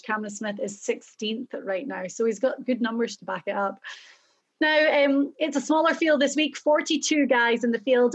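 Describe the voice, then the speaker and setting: A woman's voice: a little high, highs cut off. A woman hosting a casual golf betting chat, upbeat as she reads out stats and runs the segment. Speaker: golf show host.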